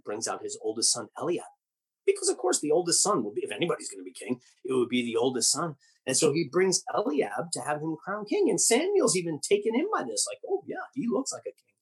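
A male pastor preaching a sermon, retelling a Bible story with animated storytelling and rhetorical questions. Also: a little high, husky.

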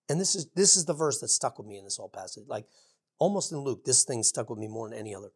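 Husky-voiced woman preaching casually. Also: lowish voice, expressive, fast talker, dark tone. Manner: informal, with frequent asides and restarts. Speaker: pastor. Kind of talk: conversational sermon.

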